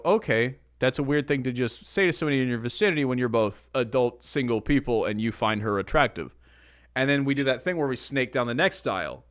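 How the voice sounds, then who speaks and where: A man co-hosting a casual podcast chat, telling animated stories and acting out what other people said. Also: medium pitch. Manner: animated storyteller who acts out other people's lines. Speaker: podcast co-host.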